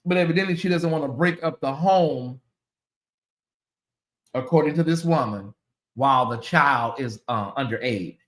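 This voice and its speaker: A woman hosting a commentary channel, talking casually to her viewers, animated and repeating herself as she exclaims. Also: extremely low pitch, moderate pace, pauses often, roomy sound.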